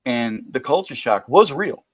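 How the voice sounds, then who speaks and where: A man's voice: medium pitch, a little slow. A man in his forties from Maryland, chatting and joking on a drawing stream. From Southern Maryland. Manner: joking, rambling, animated storyteller. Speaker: host. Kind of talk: casual chat on a drawing stream.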